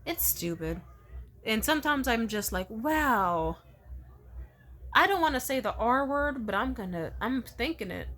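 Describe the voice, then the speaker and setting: A woman's voice: on the high side, a bit bright. A young woman vlogging, ranting in an exasperated, heavily profane way about commenters who misjudge her. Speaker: content creator. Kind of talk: casual ranting vlog.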